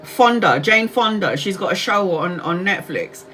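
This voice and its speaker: A woman's voice: medium pitch, lively intonation, measured pace, fairly bright tone, faint music behind. A woman in her forties, a tarot reader hosting a casual livestream, telling a story in a chatty way, laughing often, swearing freely and acting out what people said. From Brazil. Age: 40s.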